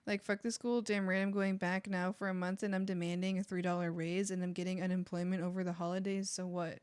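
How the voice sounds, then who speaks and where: A woman's voice: fairly low pitch, level tone, brisk, a little mellow, smooth, dry recording, clean studio sound. A young adult woman streaming while she draws, chatting casually and gushing, sometimes squealing or whispering. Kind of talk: casual chat while drawing.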